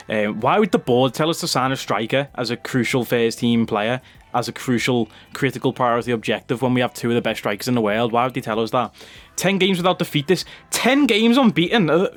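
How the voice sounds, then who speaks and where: A young man commenting casually on his football career game, easily excited and breaking into high disbelief. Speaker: gaming YouTuber.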